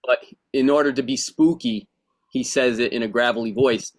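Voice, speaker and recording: A man giving calm, explanatory notes to actors at a rehearsal. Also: medium pitch, moderate pace.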